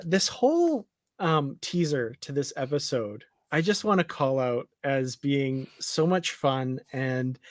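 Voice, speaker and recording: A man co-hosting a live discussion show, chatty and easygoing, laughing often and pausing on fillers. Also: fairly high pitch, no room sound, studio quality. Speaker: podcast co-host.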